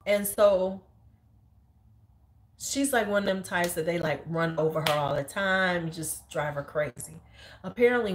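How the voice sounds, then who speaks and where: A woman in her forties with a Chicago accent, chatting casually about her school days. Her voice sits a little low, and she talks bluntly and with plenty of cursing. She stays lively as she acts out the people in her stories. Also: slight background noise. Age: 40s. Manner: animated, blunt and profane, acts out quotes in a high squeal. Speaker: high school teacher and beauty vlogger. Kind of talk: casual storytelling chat.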